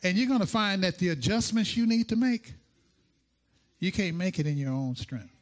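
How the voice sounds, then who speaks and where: A male pastor delivering a sermon, playful and animated, acting out quotes as he teaches. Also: high-pitched, moderate pace.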